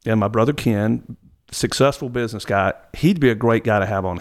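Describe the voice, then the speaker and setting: A middle-aged man from Mississippi, telling stories as a guest, rambling with frequent restarts. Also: fairly low pitch. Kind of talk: casual storytelling.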